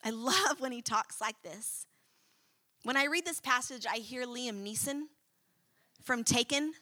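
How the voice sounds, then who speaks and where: High, bright-voiced woman preacher. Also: unhurried, long pauses, no echo. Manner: expressive, emphatic, dramatic scripture reading. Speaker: preacher teaching students. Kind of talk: sermon.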